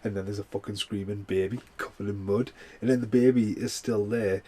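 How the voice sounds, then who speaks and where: A man's voice: fairly low pitch, fairly even intonation, fairly quick, mellow, breathy edge. A man giving a rambling, heavily sworn casual film review, full of fillers. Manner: swears a lot, rambling with many fillers. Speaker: movie reviewer.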